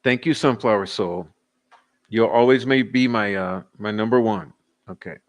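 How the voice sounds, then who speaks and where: A livestream host with a lowish voice signs off his casual chat at a moderate pace. Slightly tipsy and giggly, he jokes easily with viewers and laughs a lot.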